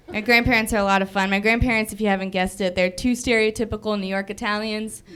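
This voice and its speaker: A woman's voice: mid-range voice, steady tone, a little fast, fairly bright tone. A young woman in her twenties performing a chatty, self-deprecating stand-up set on a theater stage. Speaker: stand-up comedian. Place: movie theater stage before a live audience.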